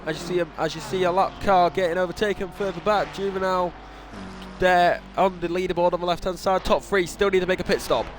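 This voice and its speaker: A man's voice: sits high, steady tone, fast talker, soft background music. A young man commentating a sim racing event live, casual and self-deprecating, often restarting his sentences. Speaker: race commentator.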